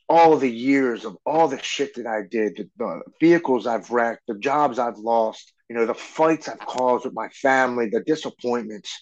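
A man in his forties telling his own story as a podcast guest, earnest and halting, often restarting his sentences. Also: medium pitch, muffled recording. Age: 40s. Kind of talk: personal recovery story.

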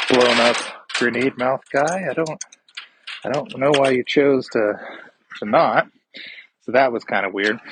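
A man's voice: mid-range voice, a bit bright, rough recording. Guy rambling thru a movie recap on a podcast, swears a lot, lots of uh and like, mid voice, bit of hiss. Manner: rambling and profane, many fillers and restarts. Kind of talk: casual spoiler recap.

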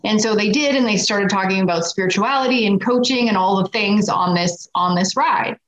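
A woman guest in casual conversation, telling a long personal story with lively quoted voices. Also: mid-range voice, brisk, slight background noise. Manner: animated, acts out quotes. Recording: echoey room, dull lo-fi sound.

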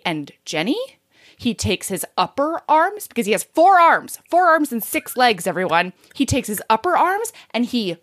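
A woman with a slightly high voice co-hosts a casual book podcast. She retells scenes in a lively, giggly rush, peppering every sentence with filler words. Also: normal speed. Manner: animated, giggly storytelling with many likes. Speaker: podcast co-host.

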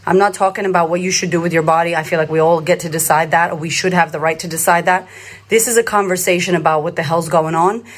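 A woman's voice: lowish voice, steady tone, fast talker. A woman in her thirties from Australia, a confidence coach talking live to her followers in a blunt, emphatic way, swearing freely and repeating phrases for emphasis. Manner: repetitive, rallying cadence. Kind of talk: live social media talk to followers.

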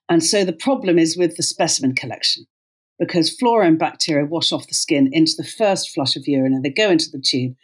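A middle-aged woman, a company co-founder, telling her career story in an interview in an animated way, with many fillers and restarts. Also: low voice, breathy edge. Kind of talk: conversational storytelling.

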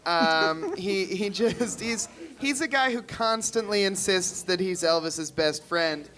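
A man's voice: high voice, slow, a bit bright. A man, an actor guest, talking casually in a rambling, self-deprecating way. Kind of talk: casual chat.

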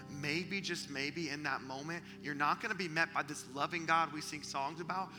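A man preaching a sermon to young people, telling stories with energy and dropping to a hushed whisper for emphasis. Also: mid-range voice. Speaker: youth preacher. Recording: long hall reverb with music behind.

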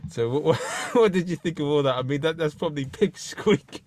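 A man's voice: a little high, moderate pace, a little mellow, no echo. A man with a London accent hosting a podcast, chatty, often stumbling over his words and laughing. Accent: London English. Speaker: podcast host. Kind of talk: casual interview chat.

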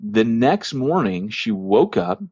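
A man's voice: medium pitch, very animated, takes it slowly, a little mellow, slightly rough, no echo, muffled recording. A man hosting a church planting podcast, telling a long story casually, with lots of fillers and restarts.

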